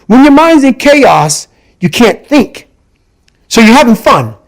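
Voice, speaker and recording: As a podcast guest, a man with a fairly high voice for his sex recounts a hard personal story in conversation, very animated and a little slow, with vocal fry. He's emphatic and intense, repeating lines to hammer his points home. The recording is rough.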